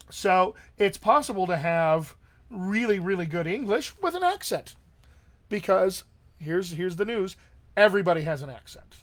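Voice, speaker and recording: Chatty, encouraging male dialect coach. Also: a little high. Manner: encouraging and conversational, many fillers. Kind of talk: live-stream Q&A, answering viewer questions. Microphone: webcam or desk mic on a live stream.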